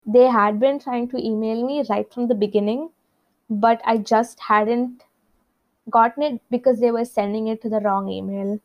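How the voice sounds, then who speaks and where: A young woman telling a rambling personal story in a chatty, casual way. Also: a little high. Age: young adult. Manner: chatty, rambling, with many asides. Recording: slightly dull lo-fi recording.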